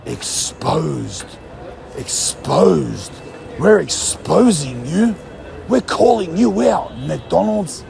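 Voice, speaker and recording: A man's voice: sits high, big pitch swings, slow, creaky, dark tone, soft background music. A young Australian man ranting casually in a blunt, heated, mocking way, swearing often. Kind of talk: casual rant.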